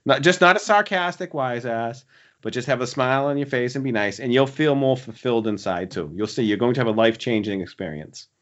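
A man's voice: medium pitch, fairly quick, a bit bright. A man co-hosting a podcast, earnestly urging listeners to do good in casual chat. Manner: earnest, preachy, encouraging. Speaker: podcast co-host. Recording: dull lo-fi sound.

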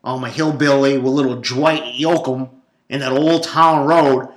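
Man putting on a loud Texan hillbilly guy, mocking drawl, a touch high and loud, echoey room. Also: steady tone, measured pace, lightly acted.

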